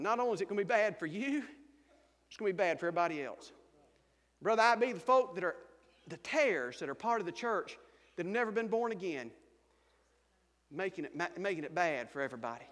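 A man's voice: sits high, a bit bright, in a large hall. A man with a Georgia Southern accent preaching a humorous sermon as a missionary pastor, telling folksy stories and laughing often. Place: church sanctuary.

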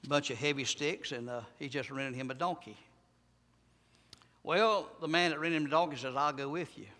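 A man's voice: a little high, normal speed, bright, forceful tone, big-room sound. A man preaching a sermon in a church, emphatic and repetitive, with rising and falling intensity.

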